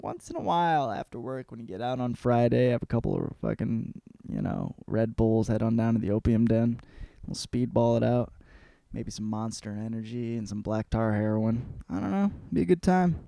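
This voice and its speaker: Male podcast host, crude rambling comedy, gravelly voice, dry close mic. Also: mid-range voice, moderate pace, dry recording. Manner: profane, rambling, animated riffing. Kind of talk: comedic book report.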